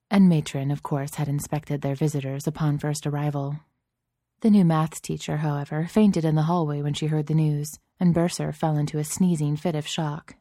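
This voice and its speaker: Low, mellow woman narrating a story. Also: dry recording, clean studio sound. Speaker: audiobook narrator. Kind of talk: scripted narration.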